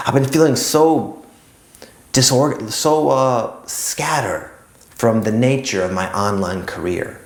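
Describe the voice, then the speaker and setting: A man's voice: mid-range voice, slow, echoey room. A man hosting a spiritual video, talking casually and rambling, with lots of "like" and "kind of". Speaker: spiritual YouTube host. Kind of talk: casual spiritual talk to camera.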